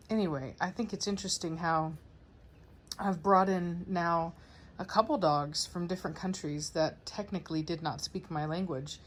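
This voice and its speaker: Chatty woman with a lowish voice. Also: a little hiss or hum. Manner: chatty, rambling, conversational. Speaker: dog breeder and trainer. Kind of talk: casual vlog talk to viewers.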